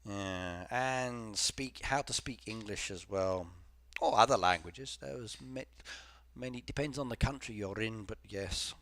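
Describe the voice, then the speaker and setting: A man's voice: lowish voice, a little slow, a bit bright, dry recording. A man chatting casually with viewers on a game live stream, rambling from topic to topic and reading comments aloud. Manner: frequent fillers and repeated yeses.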